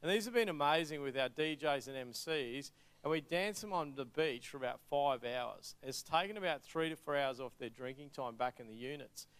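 Energetic Australian man telling stories. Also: on the high side, normal speed, clear, resonant tone. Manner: energetic, joking, storytelling. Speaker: charity speaker. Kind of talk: church talk with anecdotes.

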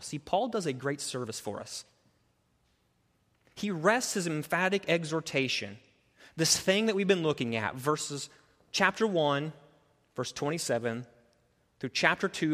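Man preaching in a reverberant hall. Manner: swings from quiet, low earnest teaching to loud, high-pitched rhetorical questioning. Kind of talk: sermon.

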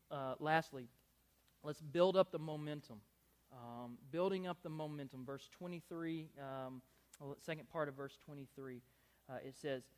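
A young adult man preaching a sermon, animated and conversational, often repeating words and restarting phrases. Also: medium pitch. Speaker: pastor.

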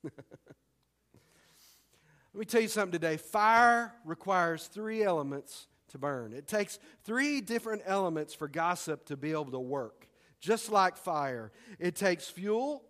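Conversational preacher in a reverberant hall. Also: male voice, high voice, expressive, unhurried, fairly bright tone. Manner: conversational, punchy, emphatic repetition. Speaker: pastor. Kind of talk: sermon.

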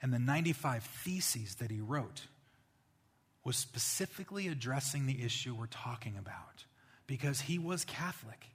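A male pastor delivering a sermon in a slightly breathy, husky voice. He moves between plain teaching and lively storytelling. The sound carries a long reverb, as in a church hall. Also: medium pitch, normal speed. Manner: storytelling, animated when quoting others.

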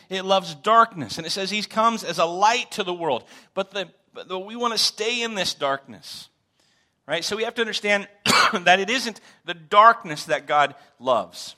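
A man preaching a sermon to his congregation in a conversational, animated way, asking questions and repeating words for emphasis. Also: high voice. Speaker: pastor. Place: church sanctuary.

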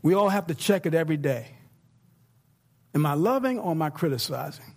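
A middle-aged man preaching a sermon as pastor, talking conversationally and swinging between quiet, hushed points and excited bursts. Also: fairly high pitch, fairly quick.

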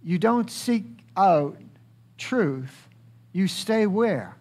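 Slow, high-voiced man preaching a sermon. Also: lively intonation, a little mellow. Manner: preaching with rhetorical questions and acted quotes; slow and emphatic, swinging high for quotes and dropping low. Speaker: pastor.

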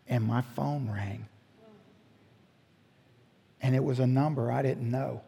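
A middle-aged man preaching as a pastor acts out the people in a story, voicing them with animated flair. He speaks at an unhurried pace with medium pitch, a gravelly and slightly breathy voice, and long pauses, all echoing through a long hall reverb.

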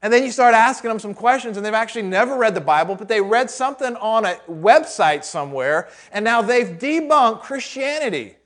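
A pastor preaching a sermon in a conversational way, asking the congregation rhetorical questions and adding joking asides. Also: male voice, sits high, lively intonation, a little fast, few pauses.

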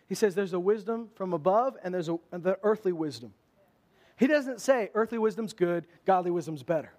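A man preaching to his congregation with a high-pitched voice. He talks in a casual, conversational way and pushes his voice up to stress his points. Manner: animated, conversational preaching with emphatic rises. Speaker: pastor. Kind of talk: sermon.

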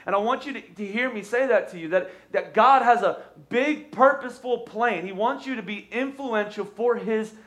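A man, an energetic pastor preaching a sermon from a church stage and urging the congregation to respond. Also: high voice, moderate pace, few pauses.

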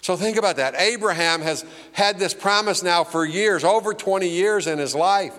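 Older male pastor, folksy humorous sermon, slightly high voice, long church reverb. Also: normal speed, fairly bright tone. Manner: folksy storytelling preacher, acts out voices with humor. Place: church auditorium. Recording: reverberant hall.

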